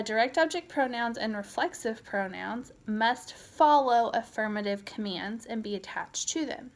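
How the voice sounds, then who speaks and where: A woman teaching a Spanish grammar lecture, talking slowly and methodically with frequent ums and uhs. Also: medium pitch. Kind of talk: recorded lecture.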